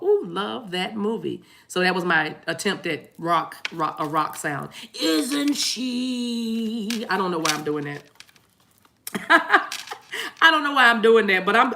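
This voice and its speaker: A woman's voice: mid-range voice, pushed and bright, a little hiss or hum. A woman doing a casual spiritual card reading who talks in a chatty way, laughs often and repeats herself. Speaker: tarot card reader.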